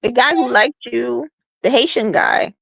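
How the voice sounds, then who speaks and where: A woman's voice: fairly high pitch, measured pace, gravelly, a bit bright. Woman co-host with a teasing, wry delivery in casual banter. The sound is dry, with no room echo. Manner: teasing, wry, prodding questions. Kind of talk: casual chat.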